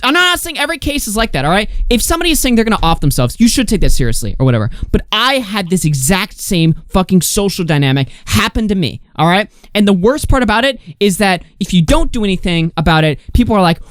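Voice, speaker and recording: A man's voice: very animated, fast talker, hardly any pauses, a bit bright, smooth. A young man hosting a talk show, ranting heatedly with lots of swearing. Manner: heated, profane, mocks others in high whiny voices. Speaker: podcast host.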